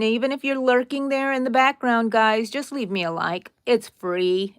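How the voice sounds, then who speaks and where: A woman's voice: mid-range voice, a little slow, few pauses, dry recording. Chatty Texan woman hosting a crochet stream. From Texas, USA. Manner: chatty, talks straight to viewers, rambling asides. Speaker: crochet livestream host. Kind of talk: casual live crochet tutorial.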